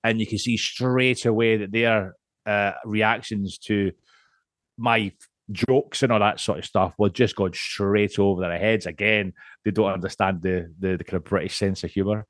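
A man's voice: lowish voice, steady tone, normal speed, no room sound, clean studio sound. A Scottish man on a podcast as a guest, chatting casually, rambling, swearing freely and laughing often. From Scotland.

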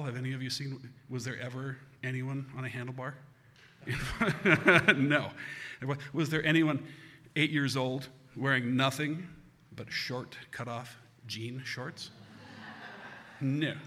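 A man from the United States tells a comic story live, animated and self-mocking, with a bright, forceful voice at a middling pitch. His voice rings with a long hall reverb. A faint hiss sits underneath.

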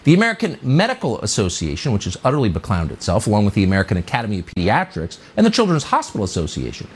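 A man's voice: lowish voice, wildly swooping pitch, very fast, breathy edge. A man hosting a commentary show, delivering an indignant, sarcastic opinion monologue with heavy emphasis.

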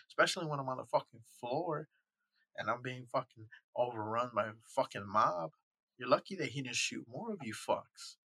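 Profane ranting man, bright dry sound. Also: medium pitch, slightly rough, no echo. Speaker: podcast host. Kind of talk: angry commentary.

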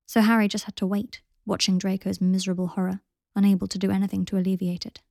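Woman narrator, calm steady reading, gravelly voice, dry close sound. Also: medium pitch, fast, no room sound. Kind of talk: audiobook reading of fan fiction.

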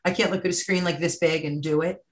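A woman guest on a podcast, chatting casually and emphatically in quick bursts about her writing. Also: fairly low pitch, fairly even intonation. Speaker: podcast guest, writer and anthology editor. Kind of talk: casual chat.

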